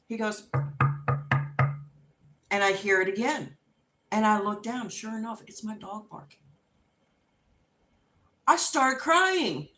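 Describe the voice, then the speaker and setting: A middle-aged woman hosting a livestream, chatting casually and telling an unhurried story with laughs while she crafts. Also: medium pitch, echoey room. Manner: animated and expressive when acting out quotes. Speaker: livestream host.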